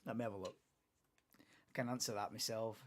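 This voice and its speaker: A man's voice: on the low side, fairly even intonation, brisk. A young man hosting a live race watchalong, chatting casually, muttering asides and swearing freely.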